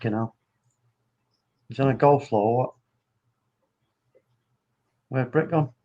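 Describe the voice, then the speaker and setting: A man chatting casually on a live stream, relaxed and joking. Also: medium pitch, slow pace, highs cut off. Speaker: stream guest. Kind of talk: casual chat.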